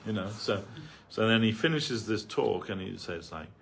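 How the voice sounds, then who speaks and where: A man speaks in a fairly low voice, telling stories and explaining a reading in a loose, meandering way. His talk is stacked with "like" and "you know". A faint hiss sits behind him. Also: lively intonation, moderate pace, gravelly, a bit bright. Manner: rambling, full of "like" and "you know". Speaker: devotee speaker. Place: temple hall.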